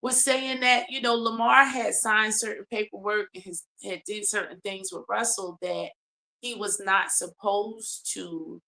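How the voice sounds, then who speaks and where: A woman giving testimony, telling a long, detailed story with many pauses and ums. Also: medium pitch, steady tone, creaky, bright, forceful tone. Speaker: complainant telling her story. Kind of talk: testimony in a mediated hearing.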